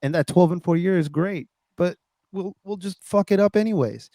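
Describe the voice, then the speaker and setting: A man's voice: high-pitched, normal speed, mellow, no echo. A man co-hosting a sports podcast, ranting in casual chat, swearing and stumbling over restarts. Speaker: podcast co-host.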